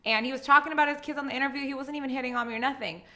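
Young woman, podcast co-host; bright, slightly high voice, animated casual storyteller. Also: racing. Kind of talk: casual chat.

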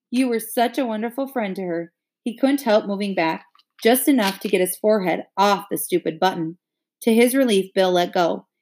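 Lady reading a kids novel out loud, expressive, middle pitch, gets intense. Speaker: narrator.

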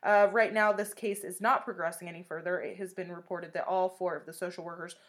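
A woman co-hosting a true-crime podcast in casual chat, animated and swearing often as she recounts details of a case. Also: lowish voice, fairly quick. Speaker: podcast co-host.

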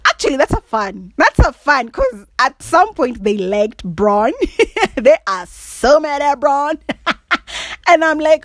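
A woman hosting her own casual chat show, teasing and laughing between thoughts. Her fairly high voice swoops up and down a lot while she takes her time. The sound is dry and close, with no room echo. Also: big pitch swings, slow, pauses often. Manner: laughs often, teasing and playful, repeats "all right?". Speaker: podcast host.

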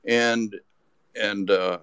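A man's voice: lowish voice, fairly even intonation, extremely slow, fairly bright tone, smooth, no echo. A man telling a rambling anecdote as a podcast guest, with lots of restarts. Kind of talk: casual storytelling.

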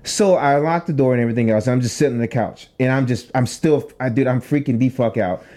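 Medium in pitch and quick in pace, a young man co-hosting a podcast works through a long, expletive-heavy anecdote in casual talk. He animates it by voicing the people he quotes.

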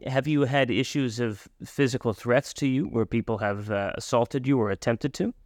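A man's voice: medium pitch, moderate pace, darkish tone, dry recording, clean studio sound. Man asking long, rambling questions. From North America. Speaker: interview host. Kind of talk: interviewing a guest.

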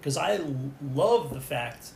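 A man's voice: a little high, animated, slow, vocal fry, a little mellow. A middle-aged man talking as a guest in a casual podcast chat, rambling with many restarts and fillers. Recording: echoey room, faint background noise.

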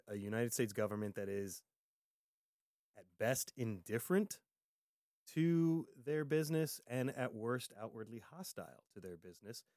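A man's voice: mid-range voice, darkish tone, no echo, clean studio sound. A man co-hosting a casual political talk show, chatting loosely, trailing into fillers, then speeding up to press a point. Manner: conversational, trailing off into fillers, quickening when making a point. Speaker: podcast co-host.

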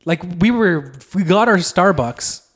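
A man co-hosting a podcast, telling his side of a story in a relaxed, offhand, profane way. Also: high voice, a little slow. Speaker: podcast co-host. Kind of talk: casual chat.

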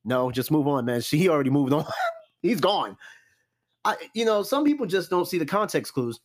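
Young man, casual podcast host, blunt and swearing, lively up-and-down voice, fairly high pitch. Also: normal speed. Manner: blunt, animated, profane, repeats "I'm gonna tell you right now". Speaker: podcast host answering listener questions. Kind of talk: casual solo podcast talk.

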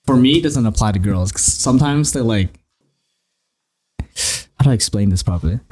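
A man's voice: medium pitch, expressive, normal speed, darkish tone. A young man co-hosting a casual podcast, rambling through stories and laughing often. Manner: rambling storyteller, laughs a lot. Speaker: podcast co-host.

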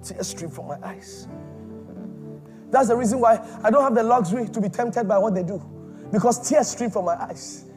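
A man preaching a sermon with impassioned, repetitive phrasing that swings between loud cries and near-whispers. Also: sits high, fairly quick, soft background music.

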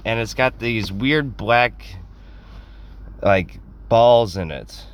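Low-voiced man telling a rambling story. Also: very slow. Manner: rambling, self-deprecating, acts out quotes in other voices. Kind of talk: casual comedic storytelling.

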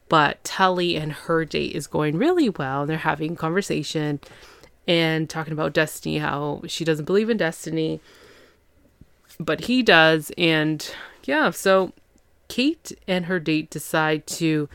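A woman's voice: low-pitched, measured pace, gravelly, smooth, no room sound. A woman hosting a podcast, casually recapping a TV episode, chatty and tired, often laughing and acting out characters' lines. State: tired after a long day. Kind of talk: casual chat.

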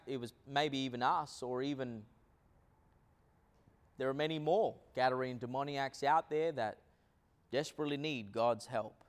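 Preaching to his flock, this pastor leans heavily on fillers, dropping to hushed low phrases one moment and booming out dramatized quotes the next.

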